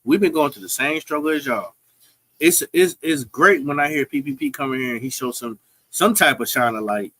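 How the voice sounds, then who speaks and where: A man co-hosting a podcast, talking in an emphatic, preachy, animated way. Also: on the high side, normal speed, gravelly, dry recording, low-quality recording. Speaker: podcast co-host. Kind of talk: casual live-stream chat.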